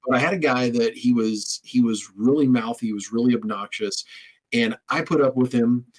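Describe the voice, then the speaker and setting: A man's voice: medium pitch, normal speed, low-quality recording. A man hosting a podcast interview, telling stories in a rambling way with frequent restarts and repeated words. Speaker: podcast host. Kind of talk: conversational interview.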